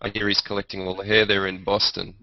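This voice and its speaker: A man's voice: lowish voice, completely flat delivery, quick pace, gravelly, no room sound. A man in a casual group video chat, easygoing and self-deprecating. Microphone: video call. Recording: dull lo-fi web call audio.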